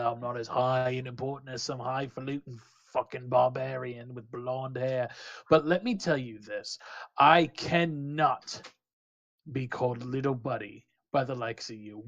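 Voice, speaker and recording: A man's voice: mid-range voice, lightly acted. A man voicing an angry, foul-mouthed male goblin drug dealer who keeps calling people mate, heard on dull lo-fi audio. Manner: indignant, swearing, says 'mate'.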